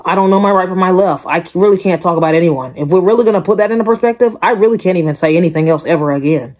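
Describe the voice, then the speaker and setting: A woman's voice: fairly low pitch, very fast. A woman hosting a reaction video, chatting casually and emphatically to her viewers and repeating her points. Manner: animated, emphatic, repeats herself, addresses viewers directly.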